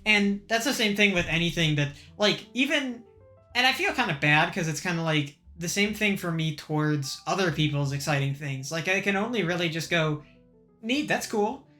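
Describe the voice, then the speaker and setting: Low-voiced young woman, casual podcast chat. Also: moderate pace, faint music behind. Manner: even-keeled, frequent laughter, many restarts. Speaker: podcast host and organizer.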